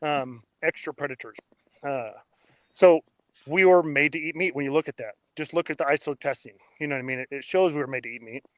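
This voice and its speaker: A man in his thirties tells his story as a podcast guest, blunt and excitable, with plenty of cursing. His voice sits a little high for a man. The sound is close and dry, with no room around it. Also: brisk, dry recording. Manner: blunt, excitable, swears freely. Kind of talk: casual interview storytelling.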